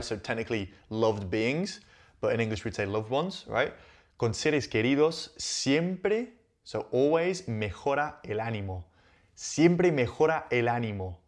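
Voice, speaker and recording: A man teaching Spanish, walking slowly through on-screen sentences and repeating each phrase before translating it. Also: medium pitch. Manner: patient, repeats phrases, thinks aloud.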